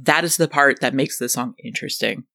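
A co-host in a casual music podcast, relaxed, reading from notes and swearing casually. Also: mid-range voice, a little fast, gravelly, no room sound, studio quality.

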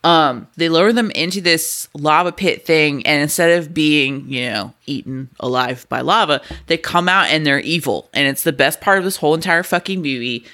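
A man's voice: a little high, moderate pace, few pauses, sharp tone. A man co-hosting a podcast, recapping a movie in a wry, profane way and laughing mid-sentence. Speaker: podcast co-host. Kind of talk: casual movie review chat.

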